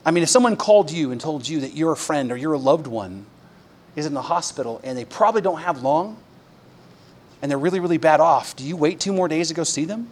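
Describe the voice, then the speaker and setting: A man preaching a sermon, conversational with fillers, dropping to a hush and then rising to emphatic peaks. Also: a little high, expressive, a little fast. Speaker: pastor.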